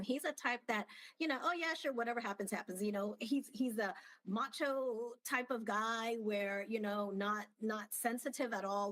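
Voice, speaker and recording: A woman's voice: fairly high pitch, fairly bright tone, rough recording. A woman co-hosting a radio talk show, telling a family story in casual chat and acting out the dialogue. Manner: storytelling, acts out quoted dialogue.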